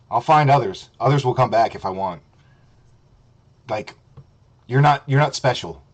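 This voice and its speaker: Male streamer host, mid-pitched, foul-mouthed and scornful, ranting commentary. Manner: profane, mocking, blunt.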